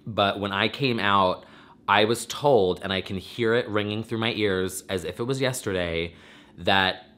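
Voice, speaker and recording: A man's voice: fairly low pitch, unhurried, fairly bright tone. A man hosting his own vlog, talking in a rambling, effusive and emotional way, teary and close to crying. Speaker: vlogger and podcast host. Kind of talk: casual emotional vlog monologue.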